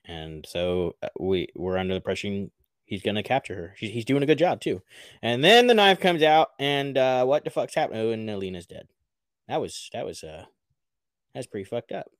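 Low-voiced man recapping a show. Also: no room sound, studio quality. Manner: swearing, laughing, animated retelling. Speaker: podcast co-host. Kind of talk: casual TV recap chat.

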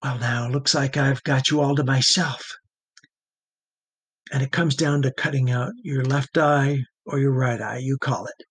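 A man voicing a small sadistic psychopath interrogator who speaks quietly, slowly and menacingly. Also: medium pitch, fairly even intonation, husky, no echo. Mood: commanding. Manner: quiet, whispering, slow and menacing.

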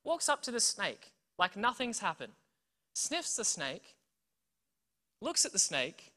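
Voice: medium pitch, slow pace. An Australian preacher giving a sermon full of humorous stories, often checking in with the audience. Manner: animated, tells stories, keeps checking in with "right?" and "okay?". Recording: long reverb from a big hall.

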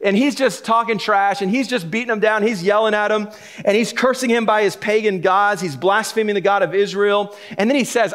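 Speaking fairly quickly in a high, fairly bright voice, a middle-aged pastor keeps his church sermon casual and jokey, laughing between points as he preaches from the pulpit.

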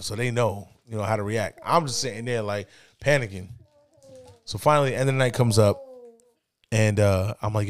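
A man casually telling a long personal story on a podcast, slangy and relaxed, getting animated when he quotes people. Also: on the low side. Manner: laid-back, slangy, animated when quoting others. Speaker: podcast co-host. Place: indoors, podcast setting.

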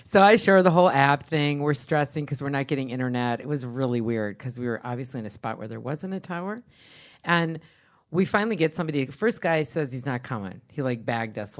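A woman co-hosting a podcast, telling funny stories in a chatty, animated way. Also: a bass voice. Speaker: podcast co-host. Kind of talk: casual storytelling chat.

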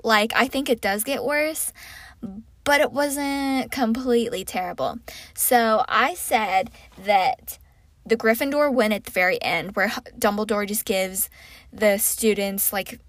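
A woman's voice: fairly high pitch, unhurried, a bit bright, dry recording. A young woman casually chatting as she reviews books, rambling with lots of fillers. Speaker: book reviewer. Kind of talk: casual chat.

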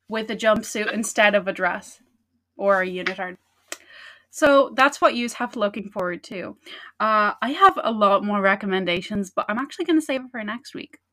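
A woman's voice: mid-range voice, fairly bright tone. An Irish woman hosting a podcast, chatting in a playful, jokey way. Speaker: podcast host. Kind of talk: casual chat.

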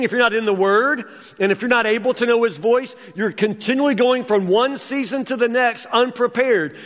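High-voiced pastor in a reverberant hall. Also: male voice, fairly bright tone. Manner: conversational, wry humor. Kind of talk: sermon.

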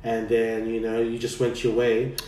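A man's voice: medium pitch, completely flat delivery, normal speed, warm tone, recorded from a distance, slight background noise. A man in a casual church conversation who rambles and repeats words as he encourages the other speaker. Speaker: church member interviewing a fellow member. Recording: echoey room, a bit off mic.

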